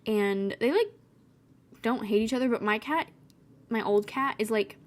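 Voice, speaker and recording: A woman's voice: a little high, measured pace. Chatty young woman rambling in a voice-over. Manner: chatty, rambling, wry and sarcastic. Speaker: vlogger.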